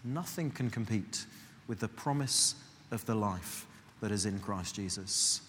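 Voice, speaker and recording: A man preaching a sermon in a conversational, earnest way, slowing and softening his voice for emphasis. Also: fairly low pitch. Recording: long hall reverb, faint background noise.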